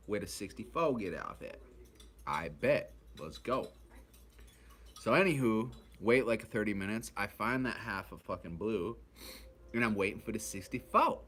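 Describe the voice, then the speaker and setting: Casual Midwestern man, lowish voice, rambling story, swears a lot, mimics people. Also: expressive, measured pace, sharp tone, slight background noise. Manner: rambling, profane, acts out voices of others. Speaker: vlogger recounting his addiction.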